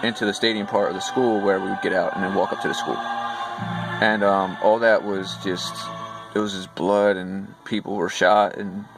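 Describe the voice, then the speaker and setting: A man with a low, gravelly voice casually retells a dream in a loose, rambling way, full of fillers and restarts. Clear music plays steadily behind him. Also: level tone, moderate pace. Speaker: vlogger recounting dreams. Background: background music.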